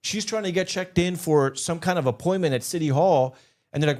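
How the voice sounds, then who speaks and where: A man's voice: on the high side, brisk. A young man co-hosting a podcast from the Los Angeles area, telling stories in an emotional way and repeating words when he gets worked up. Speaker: podcast co-host. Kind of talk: casual podcast chat, storytelling.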